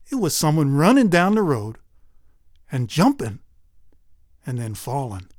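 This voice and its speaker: A man telling a folk tale in a folksy, animated way. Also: on the high side, unhurried, long pauses, no room sound, studio quality. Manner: folksy, animated, lively voices. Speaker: storyteller.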